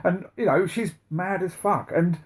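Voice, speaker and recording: A man's voice: high-pitched, a little slow. Sweary man chatting on a podcast. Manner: sweary, animated, laughs often. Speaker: podcast co-host. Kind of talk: casual chat.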